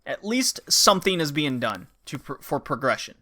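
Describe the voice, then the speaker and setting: A man hosts a casual podcast and recaps wrestling shows with lively energy. His voice sits fairly high and sounds bright and forward, and he jumps into put-on voices to act out the wrestlers' lines. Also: moderate pace. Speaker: podcast host.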